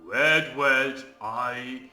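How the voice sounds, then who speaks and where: A man voicing a brutish, dim-witted ogre who speaks slowly in simple words. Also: medium pitch, bright, forceful tone, echoey room, soft background music, heavily acted. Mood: sniffing. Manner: slow, drawn-out, simple speech.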